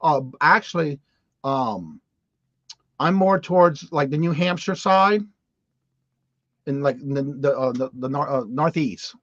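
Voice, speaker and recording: A man from Louisiana, a guest reseller, chatting casually and telling animated stories. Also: a little high, measured pace, pauses often, no echo. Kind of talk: casual livestream chat. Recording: dull dry audio.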